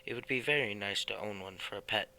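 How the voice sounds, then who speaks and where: Eager dreamy house painter guy in a storybook, read by a man, bright forceful voice. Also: fairly low pitch, fast talker, a little hiss or hum, poor audio.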